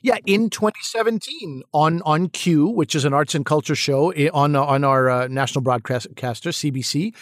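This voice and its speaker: Earnest, animated man with a higher voice. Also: normal speed, hardly any pauses, no echo, studio quality. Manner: earnest, animated, repeats words while thinking. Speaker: podcast co-host and actor-comedian. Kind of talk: casual discussion.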